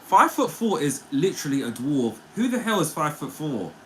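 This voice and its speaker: Guy on a livestream, higher voice, bouncy and all over the place, playful chatter, slight background hiss. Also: very animated, normal speed, poor audio. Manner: chatty and playful, often laughing. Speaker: livestream host. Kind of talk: casual livestream chat reading viewer comments.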